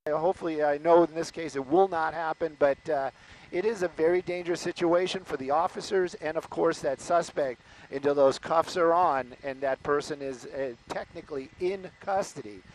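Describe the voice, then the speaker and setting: A man from the Los Angeles area, a news anchor giving chatty live commentary on a police chase, exclaiming and filling pauses with "uh". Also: on the high side, a little hiss or hum, poor audio. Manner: chatty, exclaiming, lots of fillers.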